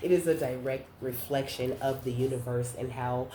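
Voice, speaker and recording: A woman's voice: very deep voice, fairly even intonation, normal speed, mellow, roomy sound, a little hiss or hum. A woman giving a casual spiritual reading to her viewers, effusive and affirming, slangy with casual swearing. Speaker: intuitive card reader.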